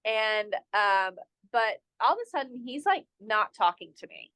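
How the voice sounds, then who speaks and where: Young woman, interview guest, mid-pitched voice, lively self-mocking storyteller who says "like" constantly. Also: a little slow, clear, resonant tone. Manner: animated, self-mocking, heavy use of "like". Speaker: resort general manager, podcast guest.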